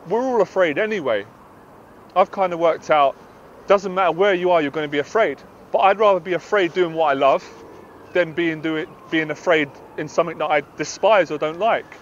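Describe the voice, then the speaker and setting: A man's voice: fairly high pitch, highs cut off, a little hiss or hum. A British man, a confidence coach, giving a passionate, emphatic motivational talk to camera outdoors.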